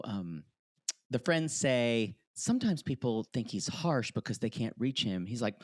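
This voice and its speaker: A man's voice: medium pitch, measured pace, dry recording, studio quality. A man co-hosting a podcast, recapping a reality show in casual chat and acting out what people said. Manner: animated, acts out quotes in voices. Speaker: podcast co-host.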